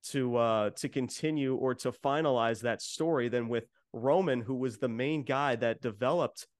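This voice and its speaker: A man's voice: medium pitch, normal speed, no echo, studio quality. A man on a podcast casually recapping a wrestling show, rambling with many fillers and acting out what was said. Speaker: podcast co-host.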